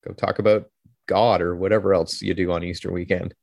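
A Canadian man in his thirties co-hosts a podcast, rambling and joking with easy, casual swearing. His voice sits fairly low and sounds close and dry, with no room around it. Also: flat delivery, fairly quick, gravelly, darkish tone, no echo, lo-fi sound. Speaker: podcast co-host. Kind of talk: casual chat.

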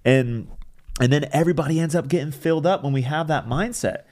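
A man's voice: a little high, brisk, a little mellow. A man, a pastor, talking through his faith in a casual, reflective chat, rambling with restarts and fillers.

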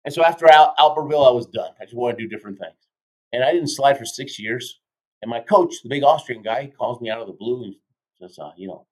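Fifties male guest, lively motivational storyteller, keeps asking "right?", mid-range voice. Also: medium pitch, quick pace, poor audio. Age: 50s. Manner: energetic, keeps tagging lines with "right?". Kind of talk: animated storytelling in a podcast interview.

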